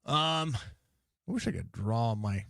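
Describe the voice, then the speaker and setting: A man doing casual live commentary on a sim race while chatting with viewers, with excited outbursts at crashes. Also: medium pitch, slow, gravelly, no echo. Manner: chatty, greets viewers by name between race calls. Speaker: sim racing league commentator and streamer.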